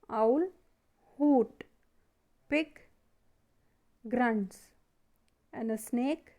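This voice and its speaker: Brief: woman, grade school teacher, slow and patient, higher-pitched, dull lo-fi recording. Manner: slow, asks and answers her own questions. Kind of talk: classroom lesson video.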